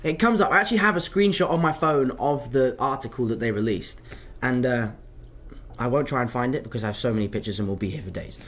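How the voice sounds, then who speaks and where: A young man, an actor answering fan questions in a casual live chat, telling stories in an animated, self-mocking way. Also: mid-range voice, quick pace.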